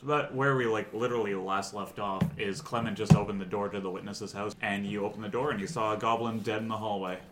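Give me a chatty male game master with a lowish voice, narrating a tabletop game. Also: fairly even intonation, a little fast, few pauses, heavy background noise. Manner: chatty, laughs often.

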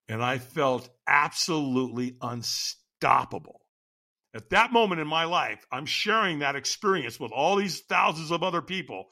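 Middle-aged man, lively dramatic storyteller, high bright voice. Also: moderate pace. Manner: dramatic, acts out quotes with big pitch jumps. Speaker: podcast guest, firewalk instructor. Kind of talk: animated storytelling.

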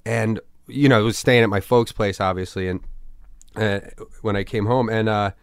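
A man's voice: lowish voice, fairly even intonation, normal speed, clean tone, no echo, studio quality. A man in his thirties from Philadelphia, a comedian guest telling family stories in a loose, rambling way, with casual swearing. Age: 30s. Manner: rambling, restarts sentences, swears casually, acts out relatives. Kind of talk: casual podcast conversation.

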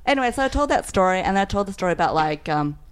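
A woman, a food writer, chatting on a podcast and telling a rambling story, quick to laugh and full of "like". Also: mid-range voice, sing-song, a little hiss or hum.

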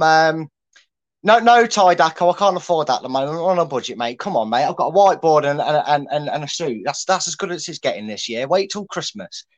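A man's voice: on the high side, poor audio. A man co-hosting a casual football chat, breaking down tactics in a chatty way. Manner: chatty, lots of fillers and restarts while explaining. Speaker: co-host, tactics analyst.

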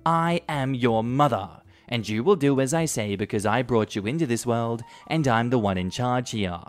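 A man's voice: mid-range voice, normal speed, soft background music, natural voice. A man voicing a domineering, entitled middle-aged mother in a narrated story, bossy and self-righteous. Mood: commanding.

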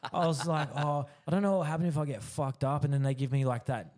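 A young Australian man co-hosting a casual podcast, relaxed, saying "like" often and laughing easily. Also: on the high side. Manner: relaxed, says "like" a lot, quick to laugh. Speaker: podcast co-host. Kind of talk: casual chat.

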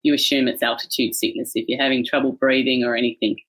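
A middle-aged Australian woman with an Australian accent, a guest speaking in a measured interview voice with small restarts. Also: very deep voice, little pitch movement, slightly rough, rough recording. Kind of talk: interview recollection.

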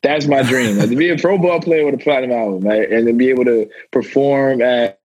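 A man's voice: medium pitch, fairly quick, a little mellow, breathy edge, no room sound. A man in his twenties, a guest athlete and rapper, talking in a loose, rambling way that repeats itself, heard over slightly muffled remote call audio. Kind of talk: casual interview talk.

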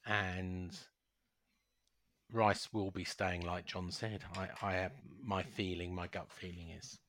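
A man's voice: low voice, fairly even intonation, slow, a bit bright, no room sound. A man co-hosting a casual talk show, answering listener questions with teasing quips. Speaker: podcast co-host. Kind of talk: casual banter.

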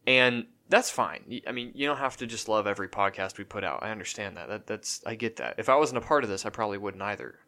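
Rambling low-voiced male podcast co-host. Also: lively intonation, fast talker, few pauses, sharp tone. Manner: rambling, many restarts and fillers. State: has the hiccups. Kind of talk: casual podcast chat.

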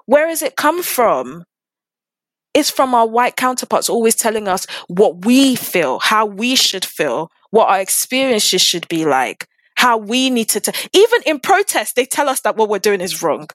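A woman's voice: fairly high pitch, sing-song, unhurried, no echo. Impassioned woman firing rhetorical questions. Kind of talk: casual discussion.

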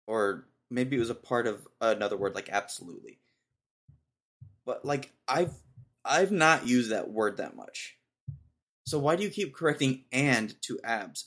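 A young man talks alone into the mic, hosting his own podcast. His voice sits at an ordinary middle pitch, and he rants in an exasperated, mocking way. He keeps cracking himself up between complaints. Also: a bit bright. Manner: ranting, exasperated, mocking, laughs at own jokes. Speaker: podcast host. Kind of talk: casual solo podcast rant.

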